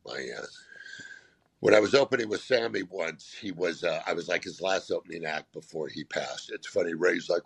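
A comedian with a low, gravelly, slightly husky voice tells long, self-deprecating anecdotes. He circles back and restarts his sentences often. The sound is dry and close. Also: moderate pace, no room sound. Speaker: guest comedian. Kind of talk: casual storytelling chat.

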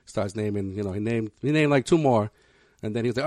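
Fast-talking male podcast co-host, dry studio sound. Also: lowish voice, darkish tone, no echo. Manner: rambling, repeats words, acts out quotes. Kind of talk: casual storytelling chat.

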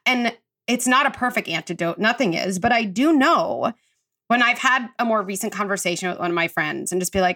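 A woman in her thirties or forties, a parenting psychologist speaking as a podcast guest, animated and acting out her own self-talk. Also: on the high side, moderate pace. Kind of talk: conversational podcast interview.

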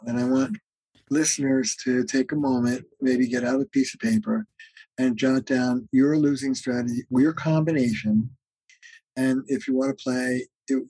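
Husky-voiced man teaching in a mellow tone. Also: medium pitch, no echo, poor audio. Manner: earnest, teaching tone, acts out quoted arguments, frequent "uh" fillers. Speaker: guest therapist and author. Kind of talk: podcast interview, explaining ideas.

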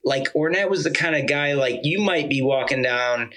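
A man from Georgia, a musician guest, telling a rambling, animated story full of "like" and casual swearing. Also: mid-range voice, moderate pace, low-quality recording.

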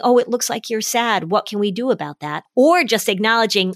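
A woman's voice: a little high, a little fast, no room sound, studio quality. A middle-aged woman, a parenting expert, explaining in casual podcast talk and acting out what parents say. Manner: warm explanatory, acts out parent quotes.

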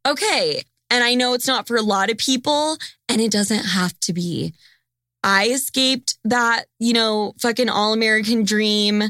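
A woman's voice: a little high, a little slow, sharp tone, dry recording, studio quality. A young woman hosting a podcast, chatting in a blunt, profane and teasing way. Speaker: podcast host. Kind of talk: casual podcast chat.

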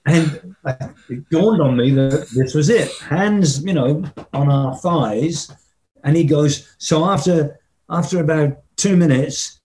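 A man's voice: on the high side, slow pace, mellow, a little hiss or hum. An older man, an interview guest, telling stories in a casual way and vocally mimicking drum patterns. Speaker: interview guest, rock drummer.

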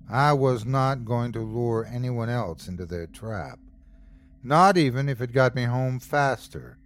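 A male podcast host narrates a horror story in measured, dramatic tones. His delivery is slow, and his pitch rises and falls expressively from line to line. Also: slight background noise.

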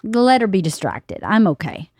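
A woman's voice: medium pitch, moderate pace, husky, no room sound, clean studio sound. Chatty woman in her fifties hosting. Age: 50s. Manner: animated storyteller, laughs often, quotes others. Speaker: podcast host. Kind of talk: casual chat.

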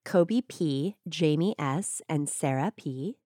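A woman co-hosting a true crime podcast in a studio, breezy and playful in chat and brisk through the show announcements. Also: low voice, expressive, dark tone, no echo. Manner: breezy and playful, quick through housekeeping reads.

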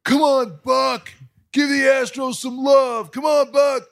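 A man voicing a drunk, crude male baseball fan who shouts from the stands. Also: extremely high pitch, fairly even intonation, slow pace, creaky, pitched above the performer's own voice, exaggerated voice. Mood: heckling. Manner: yelling, crude, swinging from abuse to affection.

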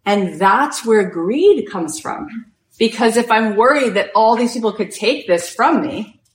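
A woman spiritual coach giving an inspirational storytelling talk, animated and full of "like" fillers. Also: a little high, unhurried. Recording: roomy echo.

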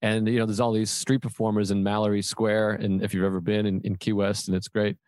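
A man's voice: lowish voice, little pitch movement, brisk, darkish tone, dry recording, studio quality. A male comedian in casual chat, candidly telling a self-mocking story and quoting himself with profanity. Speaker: comedian podcast host.

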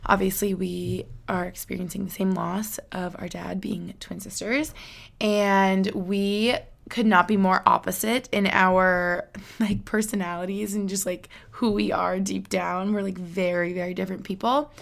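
A woman's voice: medium pitch, little pitch movement, unhurried, creaky. A woman in her twenties hosting a podcast, talking casually and candidly, with lots of fillers and light laughs. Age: 20s. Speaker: podcast host. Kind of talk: casual solo podcast talk.

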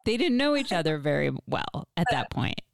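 A woman's voice: low-pitched, sing-song, moderate pace, vocal fry, dry recording. A woman interviewing an author, asking thoughtful, conversational questions. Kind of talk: literary interview. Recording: dry, close sound.

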